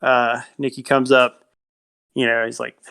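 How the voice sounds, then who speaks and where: A young man chatting casually on a film podcast. He talks in a mid-pitched voice and retells scenes with animated energy, slipping into quick acted-out lines. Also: gravelly, clean tone. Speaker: podcast co-host.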